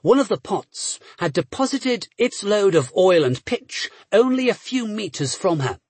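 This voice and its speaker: A man reading an adventure novel aloud as a narrator, measured and steady, with brief voiced dialogue. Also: high-pitched, slightly rough, no room sound. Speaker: audiobook narrator. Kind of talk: scripted narration.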